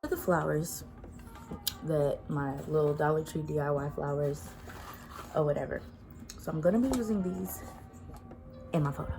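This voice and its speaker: A woman's voice: low voice, moderate pace, creaky, pauses often. A young woman vlogging from her bedroom at home, chatting to camera in a laid-back, slangy way. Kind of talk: casual chat to camera. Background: music playing.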